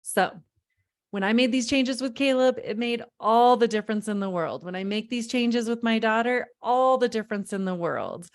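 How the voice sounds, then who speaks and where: A woman parenting coach runs a live online workshop in a medium-pitched voice. She speaks emphatically, repeats key phrases, and addresses her audience directly.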